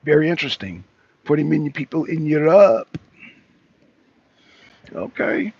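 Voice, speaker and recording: A man's voice: on the high side, expressive, a little slow, vocal fry, breathy edge, dry recording. A man hosting a talk show in a casual live debate, mocking his guest and repeating himself for emphasis, heard over dull lo-fi stream audio.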